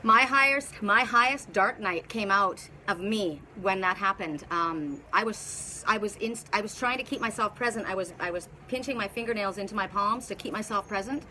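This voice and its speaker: Bright-voiced woman telling a rambling story. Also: mid-range voice, moderate pace, few pauses, slight background noise. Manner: rambling storytelling with many restarts. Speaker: spiritual teacher and oracle reader. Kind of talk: casual live video talk.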